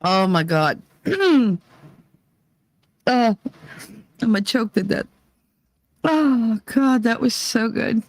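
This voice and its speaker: A woman's voice: a little high, big pitch swings, slow, long pauses, no room sound, low-quality recording. A young adult woman hosting a livestream, telling crude stories in casual chat and breaking into laughter often. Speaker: livestream host.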